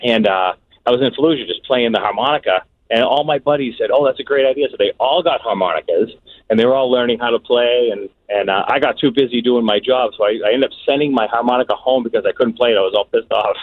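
A man calls in over a thin, phone-like line. He tells his story with lively energy and laughs along the way. The sound is dry and close. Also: medium pitch, fast, no echo. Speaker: caller.

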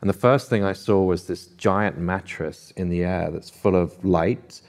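A man on a festival panel, telling anecdotes in a chatty, animated way and acting out what people said. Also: low-pitched, measured pace. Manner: animated storyteller, lots of "I was like" quotes. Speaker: author on a panel.

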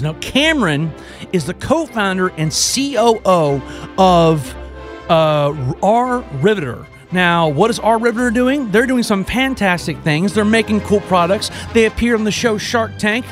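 A man from Houston, Texas, hosting a radio show in a casual, energetic, joking style. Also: high voice, measured pace, faint music behind. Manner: energetic, joking, self-deprecating.

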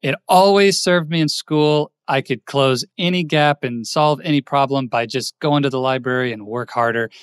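A man's voice: mid-range voice, moderate pace, few pauses, clear, resonant tone, no room sound, clean studio sound. A man, a career coach guest on a podcast, telling his story in an earnest, reflective way. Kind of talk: interview storytelling.

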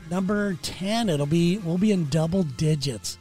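Male solo podcast host with a high voice, blunt and rambling, faint music underneath. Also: unhurried, dark tone, slightly rough. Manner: blunt, rambling, swears freely. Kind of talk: casual solo monologue. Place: city.

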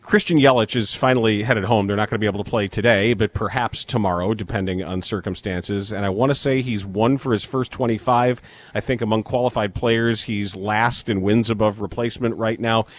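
Measured sports talk host, a man. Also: lowish voice, steady tone. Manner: measured, cites statistics, halting restarts.

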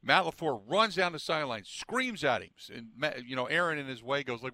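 A male sports talk radio host speaking close to a studio mic. His voice is bright and pushing, the room dead dry. He talks in long, conversational questions to his guest. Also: medium pitch, lively intonation, fairly quick, no room sound. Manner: conversational, reads sponsor plug then asks long questions.

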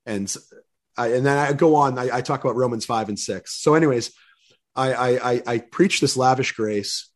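A man's voice: mid-range voice, moderate pace. Earnest older man telling stories. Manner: earnest storyteller, repeats words when starting sentences. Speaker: guest speaker. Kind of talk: casual interview chat.

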